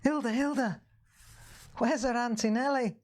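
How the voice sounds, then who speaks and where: A woman putting on a high, nosy friend. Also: lively intonation, measured pace, gravelly, breathy edge, heavily acted. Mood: puzzled.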